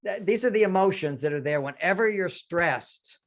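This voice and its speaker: A man's voice: high-pitched, expressive, normal speed. An older man speaks in a slightly raised register, giving relationship advice in an interview. He explains his points by acting out short lines that people might say. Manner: explains with quoted example lines. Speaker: relationship author and guest.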